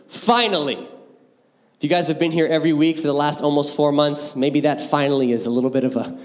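A man preaching a youth sermon, joking and telling animated stories as youth pastor. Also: a little high. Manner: energetic, joking, animated storytelling. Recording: hall reverb.

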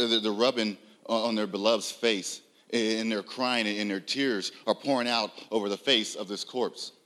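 A man delivering a sermon in a bright, ringing voice. He swings between loud, raised declarations and quiet, low asides, and keeps asking his listeners questions. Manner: emphatic, rising loud on key lines, drops low and soft; uses rhetorical questions and audience address. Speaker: preacher.

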